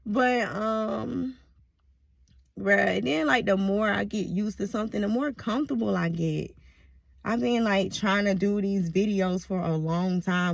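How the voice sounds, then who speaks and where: A woman's voice: medium pitch, measured pace, creaky, dry recording. Profane, rambling woman vlogger. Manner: rambling, profane, laughs often. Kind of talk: casual monologue to camera.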